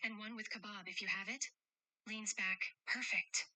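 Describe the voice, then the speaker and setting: Woman playing a gentle, teasing guardian of two kids, bright dry voice, reads her own actions aloud. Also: mid-range voice, fairly even intonation, normal speed, no echo, low-quality recording. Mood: tender, playful. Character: caring adult woman protecting two children. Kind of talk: role-play chat read aloud with stage directions.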